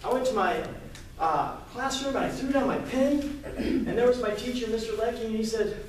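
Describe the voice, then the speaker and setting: High-voiced man telling a story in an echoey room. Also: brisk, slight background noise. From Kentucky, US. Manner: lively, plays out dialogue. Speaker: entrepreneur presenter. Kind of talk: storytelling pitch talk. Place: live event room, indoors. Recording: echoey room, mic far off.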